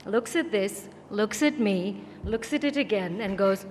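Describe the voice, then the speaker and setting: A woman's voice: mid-range voice, expressive, measured pace. A woman from India, a former lawyer speaking on a conference panel, telling a wry anecdote and acting out the quoted exchanges. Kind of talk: storytelling talk on a panel. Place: conference hall. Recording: echoey hall with faint noise.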